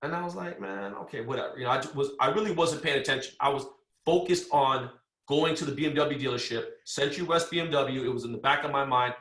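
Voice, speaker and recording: A man telling a story as a podcast guest, animated and full of slang, acting out the other people's lines. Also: mid-range voice, quick pace, reverberant. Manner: animated, acts out quoted dialogue with slang. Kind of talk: casual storytelling.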